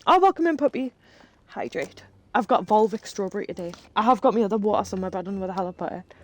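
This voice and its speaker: A woman's voice: medium pitch, lively intonation, quick pace, a little mellow. A woman streaming live, telling rambling stories in casual chat while she plays a game and swearing freely. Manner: chatty, rambling storyteller who swears freely.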